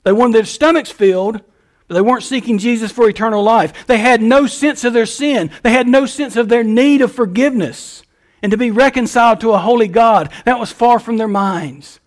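A male pastor delivering a sermon with a lilt. His voice is notably high for a man, and he preaches in a folksy style, leaning hard into his emphases. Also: normal speed.

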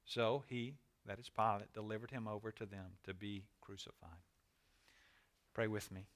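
Male pastor, earnest and measured, forceful, clear tone. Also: fairly low pitch, steady tone. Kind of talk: scripture reading and prayer.

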